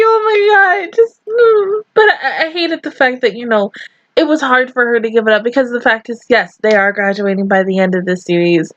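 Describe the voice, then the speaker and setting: A woman's voice: medium pitch, dry recording, dull audio. A woman reacting to an anime episode on her channel, crying and swearing as she gushes about how happy she is. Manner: tearful, swearing, gushing. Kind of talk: emotional reaction commentary.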